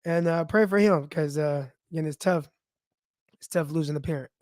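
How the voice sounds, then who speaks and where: A man's voice: on the high side, normal speed, a little mellow, no echo. Man, young adult, sports podcast host, casual, teary-eyed, dry recording. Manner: loose and conversational, many fillers. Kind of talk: casual heartfelt monologue.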